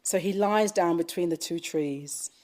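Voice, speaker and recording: A woman giving a Buddhist dharma talk, gently telling a story with frequent fillers. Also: on the low side, measured pace. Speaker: Buddhist teacher. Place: retreat talk at a Buddhist centre.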